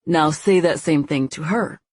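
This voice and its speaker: A woman reading an audiobook voices a relaxed, confident young man who speaks with quiet assurance. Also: sits low, unhurried, slightly rough, no echo. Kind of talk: audiobook character voice.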